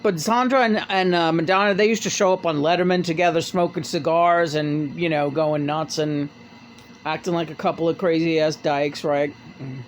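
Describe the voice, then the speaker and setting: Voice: mid-range voice, fairly even intonation, normal speed, a little hiss or hum. Rambling, profane podcast host. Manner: rambling, profane, full of restarts. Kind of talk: casual chat, retelling a memoir.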